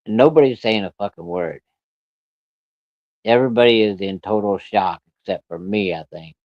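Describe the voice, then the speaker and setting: Low-voiced man telling a blunt, folksy story. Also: moderate pace, dry recording. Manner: blunt, profane, folksy, with rural grammar. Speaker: storyteller recounting a personal encounter. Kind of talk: casual spoken storytelling. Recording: dull, lo-fi and dry.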